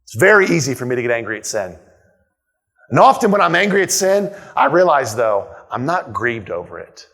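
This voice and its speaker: A man's voice: mid-range voice, very animated, brisk, a bit bright. A male pastor preaching a sermon in a church, emphatic, repeating key lines and asking rhetorical questions. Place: church sanctuary.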